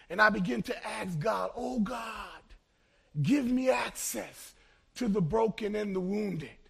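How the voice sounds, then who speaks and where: A man in his fifties from Los Angeles, a pastor preaching a fervent sermon that swings between shouted peaks and hushed asides. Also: very high-pitched, gravelly, husky.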